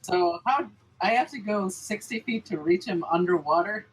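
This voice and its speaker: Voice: medium pitch, normal speed, breathy edge, rough recording. A player in a tabletop game, playful and upbeat, asking about rules and describing their moves. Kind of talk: casual tabletop play.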